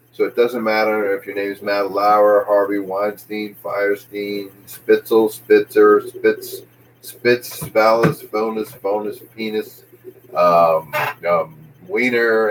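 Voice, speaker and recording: A man's voice: fairly low pitch, a little hiss or hum, rough recording. A man rambling through a jokey comic monologue, jumping from one tangent to the next. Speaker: comedian host.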